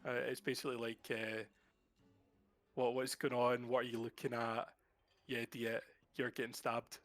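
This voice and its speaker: A man's voice: medium pitch, flat delivery, moderate pace, faint music behind. A young man from Scotland with a mild Glasgow accent, chatting casually and jokingly as an interview guest. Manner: joking, rambling with fillers. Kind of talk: casual chat.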